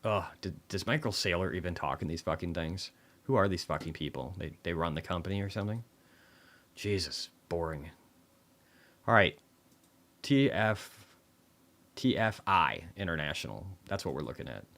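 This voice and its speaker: A man's voice: low-pitched, expressive, normal speed, long pauses, a bit bright. A man hosting a casual livestream market commentary, talking bluntly with plenty of swearing and dry sarcasm, rambling through asides and restarts. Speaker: livestream host reviewing markets.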